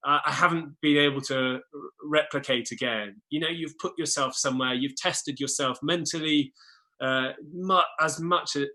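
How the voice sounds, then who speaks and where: Appearing as a guest, this English former Olympic rower in his thirties has a voice on the high side with a sharp tone. In casual conversation he sounds hesitant, with many restarts and repeated words where his phrases begin.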